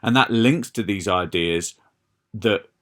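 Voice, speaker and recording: A man's voice: fairly low pitch, takes it slowly, fairly bright tone. A man, explaining a lesson over notes and checking in with "all right" and "okay". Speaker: English teacher.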